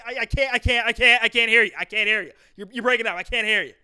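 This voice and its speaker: A man's voice: extremely high pitch, fast talker, pushed and bright, clean tone, pitched above the performer's own voice, heavily acted. A man voicing a stern, irritated middle-aged father who stutters, repeats himself and never finishes his sentences. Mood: stern, annoyed. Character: stern, irritated middle-aged dad holding back anger.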